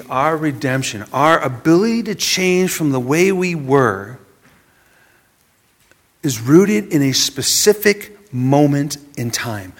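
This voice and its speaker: A man preaching a sermon, dropping from loud emphasis to a hushed near-whisper and often repeating words as he goes. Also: medium pitch. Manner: repeats words as he searches for phrasing.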